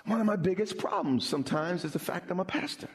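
Man, pastor, sermon, husky voice, fairly high pitch, emphatic repetitions. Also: quick pace. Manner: animated preaching, repeats words when emphatic.

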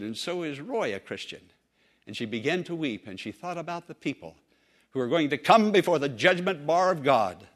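A man preaching a sermon, telling a story and swinging between loud emphatic lines and soft, low asides.

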